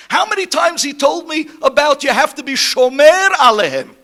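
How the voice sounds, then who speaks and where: Rabbi, man, eulogy sermon; bright, high voice; builds from hushed to shouting. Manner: impassioned, swings from shouting to hushed tones; sprinkles Hebrew and Yiddish-learned terms.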